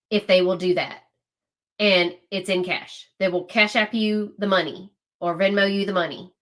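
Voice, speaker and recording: A woman's voice: fairly low pitch, fairly bright tone. A woman hosting a livestream, talking to her viewers in casual political commentary, emphatic and often repeating herself. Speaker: livestream host.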